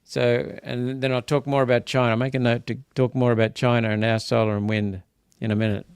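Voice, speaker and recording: Hosting a live political commentary, this Australian senator talks casually, circling back to the same points as he becomes indignant and breaks into emphatic outbursts. The voice is mid-range and level, brisk, with a clean tone and no echo.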